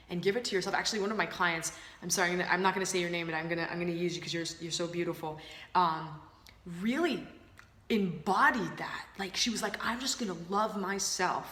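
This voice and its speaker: A woman's voice: lowish voice, a bit bright. Giggly woman in an echoey room. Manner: bubbly, giggly, many fillers. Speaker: spiritual coach co-host. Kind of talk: casual spiritual chat.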